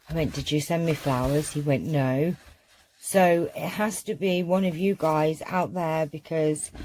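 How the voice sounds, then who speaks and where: A woman's voice: sits low, a little hiss or hum. A woman chatting in a gushing, rambling way while giving a casual craft tutorial at home. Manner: warm-hearted, gushing, rambling. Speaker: crafting vlogger.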